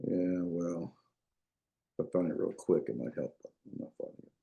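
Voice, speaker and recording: A man's voice: deep voice, normal speed, gravelly, echoey room, highs cut off. A man lecturing a class, talking loosely with frequent restarts and checking in with his students. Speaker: Biblical Hebrew teacher.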